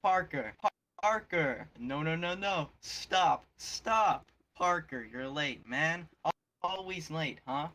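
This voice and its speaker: A man voicing a stern middle-aged pizza shop boss, exasperated and scolding. He pushes a little higher than his own voice, with a bright, cutting tone. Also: unhurried, rough recording. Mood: shouting.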